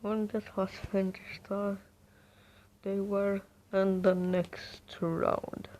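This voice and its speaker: A woman's voice: mid-range voice, little pitch movement, drawn-out words, darkish tone, slight background noise. A woman telling a fan fiction story casually, rambling and profane, with frequent restarts.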